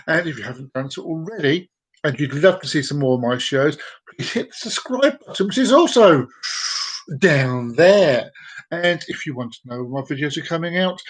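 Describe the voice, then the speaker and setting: A man hosting a comedic live show, telling a long joke in a playful, drawn-out, sing-song way. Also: sits high. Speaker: show host.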